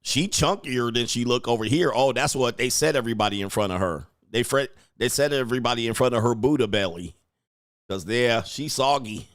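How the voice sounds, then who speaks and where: A man's voice: mid-range voice, fairly quick, fairly bright tone, dry recording. Brash mocking man, dry close sound. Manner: brash, mocking, laughs often, slangy. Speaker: commentary show host. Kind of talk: casual reaction commentary.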